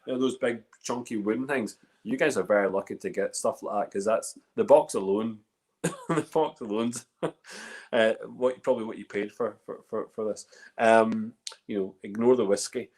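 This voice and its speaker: A man's voice: on the low side, normal speed, darkish tone. A man with a Northern Irish accent hosting a whiskey tasting in casual, rambling chat full of fillers and restarts. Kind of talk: casual live-stream chat.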